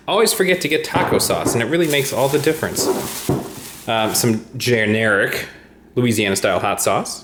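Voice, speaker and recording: A man in a casual home vlog, talking loosely to the camera and filling pauses with uhs and ums. His voice sits at an ordinary middle pitch. The room around him rings with noticeable echo. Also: background noise. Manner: rambling, relaxed, many uhs and ums. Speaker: tech YouTuber vlogging his day. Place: at home indoors.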